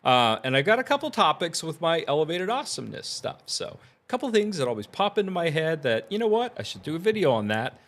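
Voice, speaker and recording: A man's voice: on the high side, big pitch swings, fast talker, few pauses, fairly bright tone. A man rambling casually about audio gear and his plans, with lots of fillers and easy laughter. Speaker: tech vlogger. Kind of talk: casual vlog chat.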